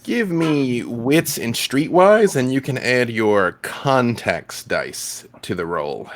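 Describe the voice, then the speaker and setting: A man's voice: mid-range voice, expressive, slow pace, no echo. A man narrating a tabletop role-playing game as game master, in a casual, rambling way with many fillers.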